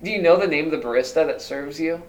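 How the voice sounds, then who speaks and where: A male pastor preaching a sermon, asking many rhetorical questions and moving between loud emphasis and hushed, quiet lines. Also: on the high side, fast.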